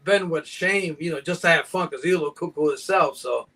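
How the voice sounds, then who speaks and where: A man's voice: on the high side, fast talker, fairly bright tone. An older man from Mexico, a guest breeder, telling joking stories in casual live chat and acting out his sales banter.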